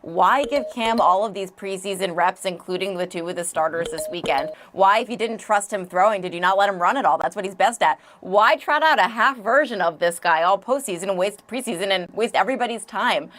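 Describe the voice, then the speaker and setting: A woman's voice: medium pitch, a bit bright, a little hiss or hum. A woman on a sports debate panel, firing off pointed questions. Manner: pointed, rapid-fire questions.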